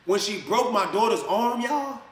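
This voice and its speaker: A man's voice: sits high, expressive, moderate pace, echoey room. A man on a clip, ranting in a heated, accusing way and throwing around slang as he calls someone out. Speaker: social media personality. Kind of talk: confrontational rant to the camera.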